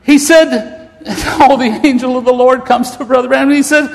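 A man preaches with fervent emotion, his voice pitched unusually high. His sermon swells toward shouting. The sound carries a long church-hall reverb. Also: steady tone, normal speed, creaky.

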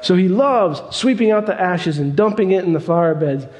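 A man preaching a storytelling sermon, folksy and emphatic and fond of repeating himself. His voice is mellow and dark, set slightly high. A long reverb hangs on every phrase. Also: animated, moderate pace.

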